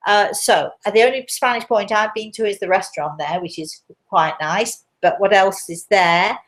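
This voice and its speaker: A woman's voice: mid-range voice, moderate pace. Chatty woman telling a story on a live show. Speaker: host.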